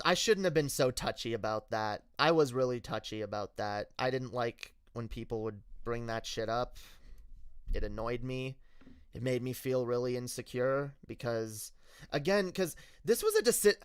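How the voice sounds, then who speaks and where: A male streamer telling a story in a candid, halting way, often restarting his sentences. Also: medium pitch, expressive, fairly bright tone, clear, resonant tone, no room sound, studio quality. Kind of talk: casual storytelling rant.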